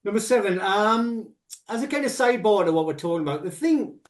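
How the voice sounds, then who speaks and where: A man co-hosting a casual music podcast, giving long, rambling, animated explanations full of asides. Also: high voice, brisk. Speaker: podcast co-host. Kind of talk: casual music review chat.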